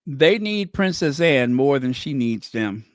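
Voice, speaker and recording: A man's voice: mid-range voice, animated, unhurried, no echo, clean studio sound. A man doing casual commentary, sarcastic and chatty, tossing out rhetorical questions and wry asides. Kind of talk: casual chat.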